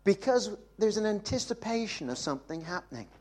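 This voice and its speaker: An older man preaching a sermon, moving from soft, quiet asides to loud, emphatic peaks. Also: high voice, sing-song, fairly quick. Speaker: pastor.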